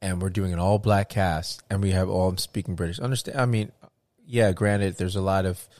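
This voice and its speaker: Animated low-voiced man in casual talk. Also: normal speed, no room sound. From United States. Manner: animated, restarts often, acts out quotes. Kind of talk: casual conversation.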